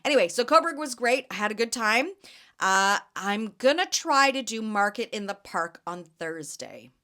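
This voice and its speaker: Chatty bright-voiced woman podcaster. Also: on the high side, normal speed. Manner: chatty, animated storytelling with fillers. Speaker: podcast host and jam vendor. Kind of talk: casual chat.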